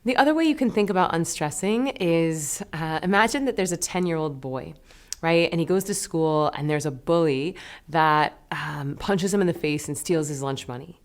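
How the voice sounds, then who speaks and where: A woman teaching a meditation lesson, talking in a gentle, soothing, unhurried way. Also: low voice.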